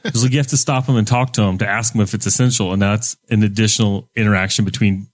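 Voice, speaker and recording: Fast-talking low-voiced man, dry sound. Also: steady tone, no echo. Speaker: podcast co-host. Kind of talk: casual chat.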